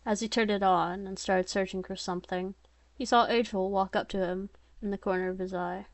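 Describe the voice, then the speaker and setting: Woman author reading her own tale, plain pitch, dry close sound, slips into chatty asides. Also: fairly quick, no room sound. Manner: plain steady reading broken by chatty self-mocking asides. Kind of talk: informal story reading.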